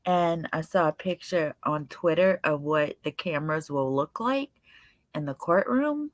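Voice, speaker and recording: With a low, animated voice and no room sound, a young woman hosts a casual livestream. She's tired and yawning, yet chatty and unhurried as she welcomes chatters by name.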